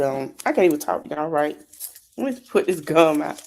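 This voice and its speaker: A woman's voice: deep voice, lively intonation, a little fast, a little mellow. A woman hosting a podcast, giving a casual, chatty recap of a reality show and talking straight to her listeners. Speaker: podcast host.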